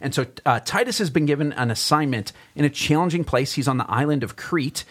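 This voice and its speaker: A man's voice: on the high side, expressive, a little fast, a bit bright, breathy edge. A man pastor hosting a Bible podcast, chatting casually, laughing easily and adding self-conscious asides while he explains the passage. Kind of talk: casual chat and Bible teaching.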